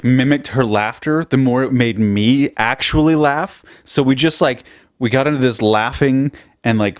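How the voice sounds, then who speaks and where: A man's voice: mid-range voice, no echo, clean studio sound. A young man hosting a solo podcast, rambling and swearing constantly, mocking himself as he jumps between topics. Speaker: podcast host.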